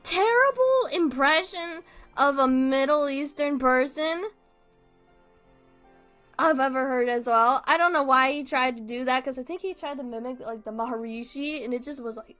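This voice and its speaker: Young woman streamer, slightly high voice, chatty, giggly, rambling; soft music underneath. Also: expressive, moderate pace. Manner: giggly, rambling storytelling with frequent laughs. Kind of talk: casual chat while drawing on stream.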